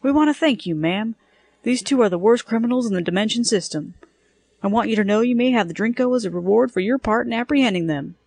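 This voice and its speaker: A woman's voice: on the high side, lively intonation, quick pace, vocal fry, a little mellow, breathy edge, voice pushed up, heavily acted. A woman voicing a polite, smiling young male policeman with a courteous, formal manner.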